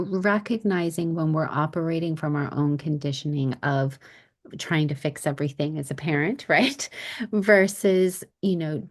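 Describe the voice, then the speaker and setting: Middle-aged female host, slightly low pitch, chatty storyteller in casual interview. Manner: warm storytelling about her own parenting, chatty. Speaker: podcast host.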